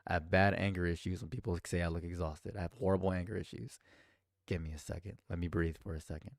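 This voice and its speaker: A man's voice: low voice, steady tone, fast, dry recording, studio quality. A man streaming live react commentary, talking in a heated, rambling way and repeating himself.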